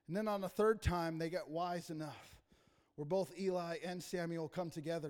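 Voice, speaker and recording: A man preaching a passionate sermon as pastor, rising to loud emphasis and dropping to quiet asides. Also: high-pitched, fairly even intonation, normal speed. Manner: impassioned preaching, rising and falling in volume. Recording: reverberant hall.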